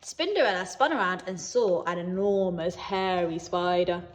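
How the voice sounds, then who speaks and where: A woman with a British accent reading a children's picture book aloud as a teacher, expressive and lively. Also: lowish voice, normal speed, a little hiss or hum. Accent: British English. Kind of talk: children's story read-aloud.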